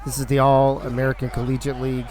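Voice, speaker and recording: A man's voice: medium pitch, completely flat delivery, fast, darkish tone. A man hosting a casual live stream of a video game league, chatty and joking as he thinks aloud. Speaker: league organizer and stream host.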